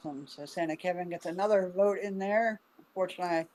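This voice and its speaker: A woman's voice: lowish voice, quick pace, darkish tone. A woman from Arkansas hosting a casual group video call, chatty and laughing, talking with many fillers while sick with covid. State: ill with covid. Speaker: host.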